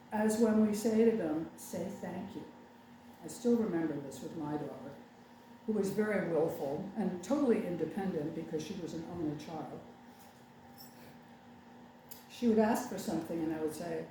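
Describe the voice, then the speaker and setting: In a congregation meeting room, an older female minister gives a conversational sermon that's wry and peppered with sarcasm. Her voice is lowish and mellow, captured from far off in an echoing room with a little background noise.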